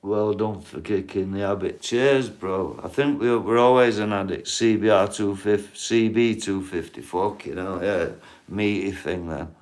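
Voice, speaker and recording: A man's voice: fairly low pitch, a little slow, a little mellow. A man, rambling and swearing as he chats casually with viewers on a livestream.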